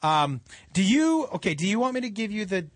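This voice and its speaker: A man's voice: high-pitched, a little fast, no echo, clean studio sound. A man hosting a radio show, joking and swearing in casual banter with his co-hosts. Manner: animated, jokey, swears freely.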